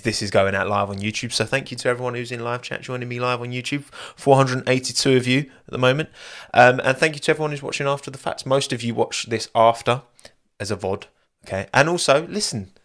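Hosting a live-streamed podcast, a young man with a mid-range, slightly bright voice chats and rambles casually, often cracking himself up with his asides.

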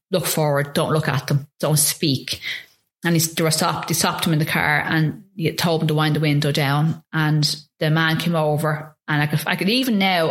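A woman with a low voice recounts her own story as an interview guest. She talks earnestly and paints scenes in detail, pausing now and then to find her words. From Ireland. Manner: earnest, vivid storytelling with hesitations. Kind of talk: telling a personal story in conversation.

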